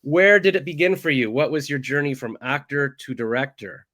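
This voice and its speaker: A man's voice: mid-range voice, normal speed, sharp tone. A man hosting an entertainment interview show, chatting casually in a jokey, self-deprecating way that rambles off topic. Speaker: host.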